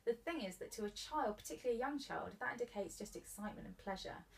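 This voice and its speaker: A woman giving calm, clear advice on handling children's behaviour in an interview, in an instructive way, a little away from the mic. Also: on the high side, fast, far from the mic.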